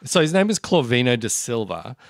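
A man's voice: medium pitch, sing-song, brisk, no room sound. Rambling male storyteller, dry sound. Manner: rambling storyteller, lots of ums. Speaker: podcast co-host. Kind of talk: casual comedic chat.

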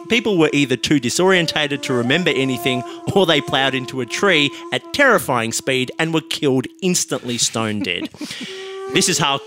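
A man hosting a podcast, reading out an absurd comic story with a deadpan manner. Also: fairly high pitch. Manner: deadpan, laughing at his own jokes. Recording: music playing under the voice.

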